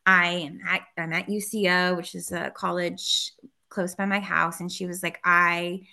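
Bright-voiced woman telling stories. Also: fairly low pitch, little pitch movement, a little slow, vocal fry. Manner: chatty storyteller, lots of fillers and laughs. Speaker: guest, educator and speaker. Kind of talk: casual interview conversation.

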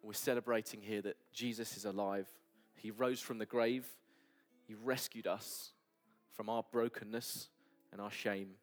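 A man preaching a sermon at a church service, earnest and sometimes dropping to soft near-whispers. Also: on the low side. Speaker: pastor.

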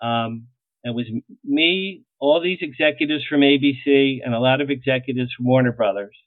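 A middle-aged man tells animated stories in an interview, jumping into the voices of the people he quotes. His voice sits at an ordinary pitch. It comes through a thin, phone-like line with no room sound. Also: moderate pace, dry recording. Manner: animated anecdotes, acts out quoted lines. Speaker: publicist guest. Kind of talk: storytelling interview. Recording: tinny phone-like line, dry.

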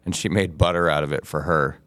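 A man with a very low, deep voice tells stories in a loose, profane, laid-back way. The sound is dry and close, with no room around it. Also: steady tone, brisk, fairly bright tone, no room sound. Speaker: podcast co-host. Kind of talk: casual chat.

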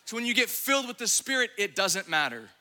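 A man preaching a fiery, exuberant sermon, at times shouting and laughing. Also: sits high, big pitch swings, fast talker, a little hiss or hum. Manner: acts out quoted voices in his preaching.

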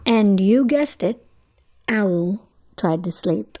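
Slow sing-song woman reading bedtime stories. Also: medium pitch, lively intonation, darkish tone. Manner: slow, sing-song, drawn-out storytelling with playful questions to listeners. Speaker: children's story hour host. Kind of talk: bedtime story narration for children.

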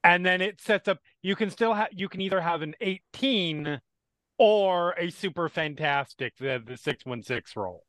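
A man's voice: high-pitched, unhurried, a bit bright, no echo. A man playing a tabletop game, talking eagerly about rolls and rules. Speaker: player. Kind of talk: casual chat during tabletop game.

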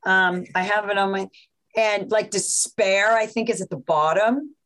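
A woman from New York, a physician guest in a podcast interview, explaining things in an animated way with examples and quotes. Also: medium pitch, a little slow, low-quality recording.

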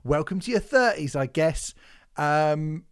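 Rambling man, fairly high voice. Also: lively intonation, takes it slowly, clear, resonant tone. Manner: rambling, laughs often, trails off and restarts. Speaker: podcast co-host. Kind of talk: casual chat.

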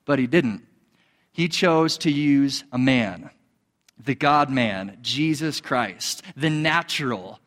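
A man preaching a sermon as a pastor, animated, acting out quoted voices. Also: slow, big-room sound. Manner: animated, acts out quoted voices in a higher pitch.

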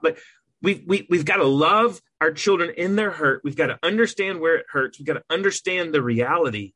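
Brief: man, podcast co-host, earnest and emphatic, slightly husky, fairly high voice. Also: animated, a little fast, pushed and bright, no room sound. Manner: earnest, emphatic, with repeated restarts. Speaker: adoptive parent. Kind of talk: earnest conversational podcast talk.

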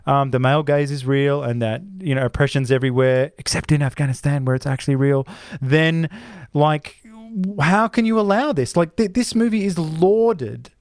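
A man's voice: a little high, moderate pace, few pauses, darkish tone, dry recording. Ranting man, dry close sound. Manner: ranting, many restarts and asides. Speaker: podcast co-host. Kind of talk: opinionated casual chat.

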